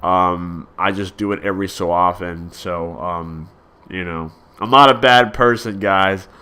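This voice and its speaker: A man's voice: low-pitched, a little slow, bright, forceful tone, clean tone. A young man vlogging in a casual, rambling monologue, full of fillers and restarts, coughing now and then.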